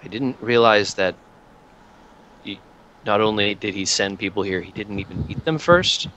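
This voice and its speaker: A man's voice: on the low side, normal speed, pushed and bright, slight background noise, rough recording. A man voicing a weary, resigned officer.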